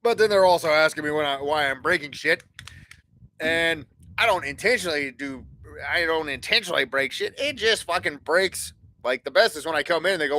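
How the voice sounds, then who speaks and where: A man's voice: a little high, moderate pace, bright, forceful tone, no room sound. A man hosting a casual podcast livestream, rambling and swearing freely as he acts out conversations. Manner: profane, rambling, acts out dialogue. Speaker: podcast host.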